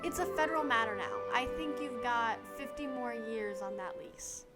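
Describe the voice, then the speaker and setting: A woman's voice: a little high, expressive, moderate pace, loud music behind the voice, lightly acted. A woman voicing a practical young assistant who speaks dryly and matter-of-factly in an amateur fan dub. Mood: deadpan. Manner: dry, matter-of-fact.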